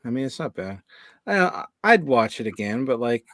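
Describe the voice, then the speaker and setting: A man's voice: mid-range voice, very animated, normal speed, fairly bright tone, no echo, clean studio sound. A man appearing as a guest in a casual movie review chat, hedging his opinions and laughing at himself.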